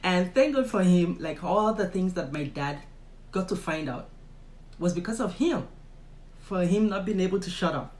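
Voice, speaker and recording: This young vlogger, who has a Nigerian accent, interviews her father and offers casual commentary to her viewers, speaking emphatically and laughing often. Her voice is expressive, low, and darkish at normal speed, recorded roughly in an echoey room.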